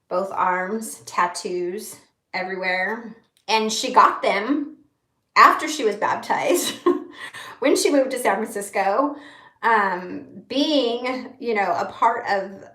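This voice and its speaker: A woman in her thirties chatting candidly on a livestream, rambling through her thoughts and pausing to read viewers' comments. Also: a little high, pushed and bright, echoey room. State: holding back tears. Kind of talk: casual livestream chat.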